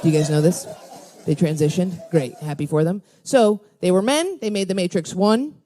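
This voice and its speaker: A woman's voice: lowish voice, moderate pace, far from the mic. A woman stand-up comedian doing brash, profane crowd work in a comedy club. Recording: roomy live club recording with loud crowd.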